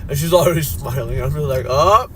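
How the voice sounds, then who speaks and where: A man's voice: on the high side, rapid-fire, darkish tone. A man from the Philippines hosting a chatty livestream while driving, laughing often and reading viewer comments aloud. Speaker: livestream host. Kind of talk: casual chat while driving. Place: inside a car in traffic. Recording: road and engine noise. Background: car and street noise.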